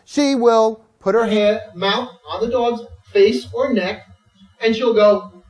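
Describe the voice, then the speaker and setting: A woman's voice: fairly high pitch, steady tone, takes it slowly, a little mellow. A woman dog trainer teaching a live class, telling stories, acting out dogs and owners, and coaxing the group to repeat words after her.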